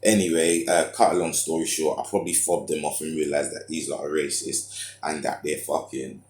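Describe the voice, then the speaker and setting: A man's voice: very deep voice, level tone, brisk, darkish tone. A man telling a rambling personal story in slangy, loose talk full of fillers. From United Kingdom. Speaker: vlogger. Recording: echoey room.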